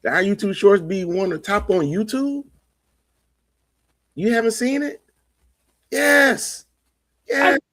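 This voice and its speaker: A man's voice: high voice, expressive, moderate pace, long pauses. A man co-hosting a podcast in casual banter, teasing his friend and swearing freely. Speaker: podcast co-host.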